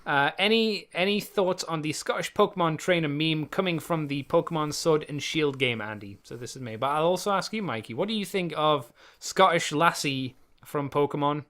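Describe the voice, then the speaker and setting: A man hosting a podcast in casual chat, boisterous and quick to swear. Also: a little high, fairly bright tone. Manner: sweary, boisterous, laughs a lot. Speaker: podcast host.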